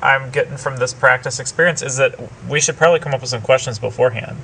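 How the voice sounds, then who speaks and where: A man's voice: medium pitch, fast, gravelly, pushed and bright, a little hiss or hum, poor audio. A man in casual chat with friends, laughing easily and a bit hesitant. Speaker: podcast co-host.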